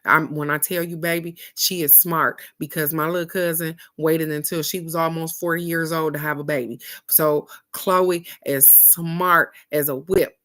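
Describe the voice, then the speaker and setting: A woman's voice: low-pitched, fairly even intonation, moderate pace, few pauses, bright, forceful tone. A woman doing a motivational card-of-the-day talk, speaking straight to her viewers in a preachy, folksy way and repeating key phrases for emphasis. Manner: preachy and encouraging, addresses viewers directly. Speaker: card reader.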